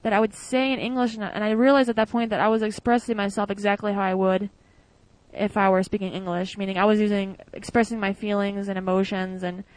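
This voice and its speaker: A young woman from the United States tells about her time abroad in an easygoing interview. Her talk is chatty and loose, full of fillers, and she acts out the voices she quotes. Her voice sits at a middle pitch, recorded close and dry with no room sound. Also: flat delivery, fast talker, darkish tone, no echo, rough recording. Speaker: former exchange student. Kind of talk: casual interview storytelling.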